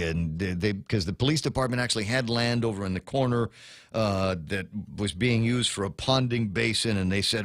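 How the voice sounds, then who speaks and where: A man hosting a talk radio show, ranting in a casual, animated way and restarting his sentences often. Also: mid-range voice, no room sound.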